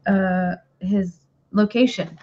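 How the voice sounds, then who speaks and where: A woman's voice: medium pitch, steady tone, slow pace, a little mellow, highs cut off. A woman player chatting casually at a tabletop game, thinking aloud with plenty of fillers, over a video call.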